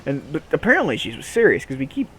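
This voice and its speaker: A young man casually telling a funny story on a podcast, in an animated way with lots of laughing and fillers. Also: medium pitch, quick pace, breathy edge. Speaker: podcast co-host.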